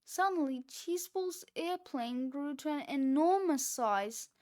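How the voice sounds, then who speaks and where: Slow high-voiced woman reading a storybook. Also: expressive, a little mellow. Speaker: children's book reader. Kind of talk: read-aloud storybook narration.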